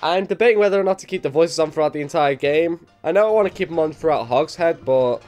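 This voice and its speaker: A man with a Liverpool accent and a slight cold, giving excitable let's play commentary and yelping at his own mistakes. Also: quick pace, faint music behind. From England. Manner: excitable, sudden high yelps at mistakes, self-mocking. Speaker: gamer.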